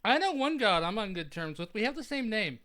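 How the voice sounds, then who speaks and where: Bright, stammering tabletop player. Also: medium pitch, big pitch swings, brisk. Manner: hesitant, stammering restarts, gentle. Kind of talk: casual tabletop role-play.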